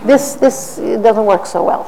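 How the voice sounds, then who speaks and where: A middle-aged woman giving an animated public talk, with playful mimicry of others. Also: a little high, slow pace, creaky, slight background noise. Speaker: speaker. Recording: roomy hall, faint ambience.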